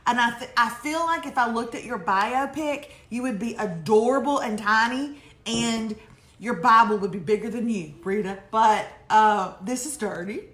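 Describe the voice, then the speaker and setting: A middle-aged woman talks through viewer emails in a joking, animated way. Her voice sits a little high. The room has a noticeable echo. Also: normal speed. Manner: animated, joking, laughing, teasing. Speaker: host. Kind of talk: casual live chat reading viewer emails. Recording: echoey room.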